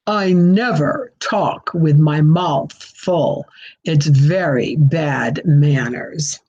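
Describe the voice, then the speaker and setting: A woman's voice: sits low, extremely slow, dark tone, husky, lo-fi sound, pitched below the performer's own voice, full character voice. A woman voicing a large, greedy male crow who fusses about manners. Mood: prim.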